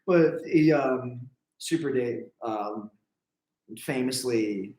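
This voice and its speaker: Young man, interviewer, casual joke-teller who cracks himself up and swears; roomy echo, mid-range pitch. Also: takes it slowly, mellow. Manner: laughs at his own jokes, swears freely. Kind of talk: casual chat, telling a joke. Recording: echoey room.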